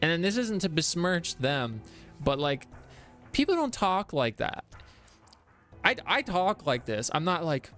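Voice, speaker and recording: A man's voice: on the high side, very animated, measured pace, long pauses, fairly bright tone, soft background music. A man streaming a game, chatting casually, explaining lore at length with many fillers and reading out viewer messages. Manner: reads chat aloud and greets viewers. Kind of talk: casual live-stream chat.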